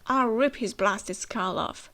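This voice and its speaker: A woman's voice: medium pitch, slow pace, pushed and bright. A woman voicing a folksy male scientist with a put-on cowboy drawl.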